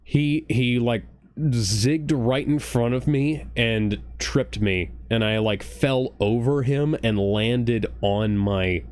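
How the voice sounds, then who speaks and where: A man's voice: mid-range voice, slow, darkish tone, clear, resonant tone, no echo. A man co-hosting a casual livestreamed reaction show, rambling with restarts and now and then a curse word. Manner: rambling, self-correcting, profane. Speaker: podcast co-host.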